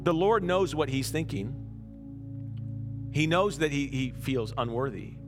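A man's voice: on the high side, animated, measured pace, music in the background. A man preaching a conversational sermon as pastor, often restarting words and checking in with "right?".

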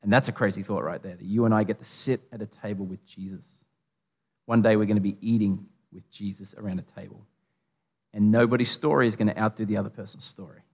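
An Australian-accented pastor preaches a casual, humorous sermon packed with stories and asides, his voice fairly low, fairly even in intonation, fast, and edged with breath. The long reverb of a large hall surrounds him.

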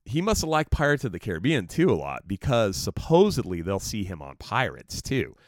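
Low-voiced man rambling through a podcast story. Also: huge pitch swings, fairly quick, no echo, studio quality. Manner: rambling, loose and profane, lots of fillers. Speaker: podcast host. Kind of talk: casual solo podcast storytelling.

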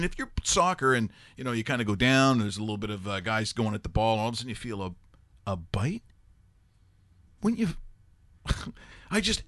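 A man's voice: fairly low pitch, no echo. Give me a man hosting a sports chat show, joking and rambling, recorded dry. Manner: rambling, joking, animated storytelling. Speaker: sports talk show host. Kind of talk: casual sports banter.

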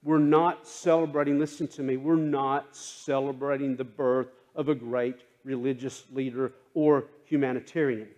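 A male pastor preaching a sermon in a church, using call and response and swinging between hushed and impassioned delivery. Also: medium pitch, level tone, normal speed, hardly any pauses. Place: church sanctuary.

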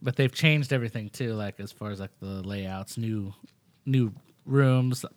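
A man's voice: lowish voice, a little slow, no echo. A man telling a rambling, laugh-filled story in a casual chat with friends, full of "like" fillers.

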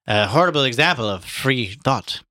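A man's voice: mid-range voice, animated, moderate pace, bright, forceful tone, no room sound, pitched above the performer's own voice. A man reading aloud and voicing a grim, sardonic young man with dry, clipped lines.

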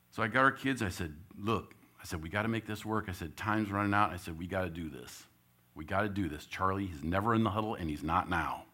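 Deep-voiced, bright man telling a story. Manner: animated storyteller, acts out his own shouted lines. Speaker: church elder. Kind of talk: storytelling sermon.

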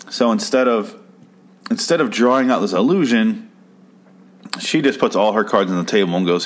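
A man's voice: on the low side, normal speed. A man giving a casual, rambling recap of a TV episode, swearing freely and sounding exasperated. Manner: profane, exasperated, rambling with restarts. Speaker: show recap host. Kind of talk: casual ranting commentary.

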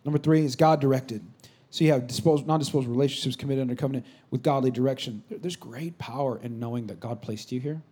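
Husky male pastor preaching. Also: medium pitch, fast talker, hardly any pauses. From California. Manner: swings from loud exclamation to soft whispered asides. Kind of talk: sermon. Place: church sanctuary.

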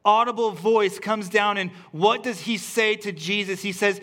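High, bright-voiced man preaching a sermon. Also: fairly even intonation, moderate pace, hardly any pauses. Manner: earnest and repetitive, building emphasis with restarts. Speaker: pastor. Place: church service.

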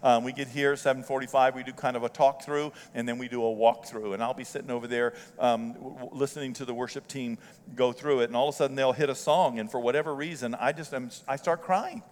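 An older man preaching a sermon as pastor, telling folksy stories with strong emotion that swells loud and high. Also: steady tone, quick pace. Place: church sanctuary. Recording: church hall reverb.

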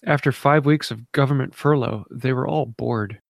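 A man with a gravelly, creaky voice talks in a relaxed, chatty way as a podcast co-host. The sound is dry and close. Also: medium pitch, moderate pace, dry recording. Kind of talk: casual chat.

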